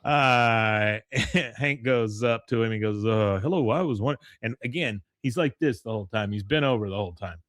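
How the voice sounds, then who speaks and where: A man's voice: on the low side, normal speed, fairly bright tone, dry recording, clean studio sound. A man co-hosting a podcast, casually retelling episode scenes and quoting lines between laughs. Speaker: podcast co-host. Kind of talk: casual episode recap chat.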